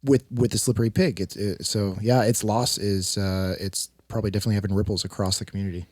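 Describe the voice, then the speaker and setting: A man's voice: fairly low pitch, fairly even intonation, fast talker, a little mellow, no room sound. A man co-hosting a podcast, asking questions in a casual, slightly hesitant way. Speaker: podcast co-host.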